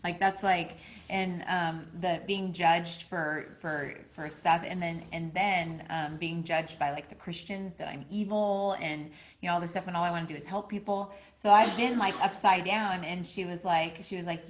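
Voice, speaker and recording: A woman teaching a casual spiritual class, rambling with many filler words and jumping into lively quoted voices. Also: lowish voice, moderate pace. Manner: animated, acting out quotes with a jumping voice.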